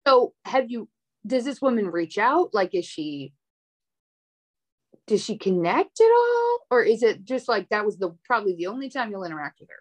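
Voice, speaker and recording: A woman's voice: mid-range voice, sing-song, normal speed. A woman guest on a podcast, reacting and asking follow-up questions in casual chat.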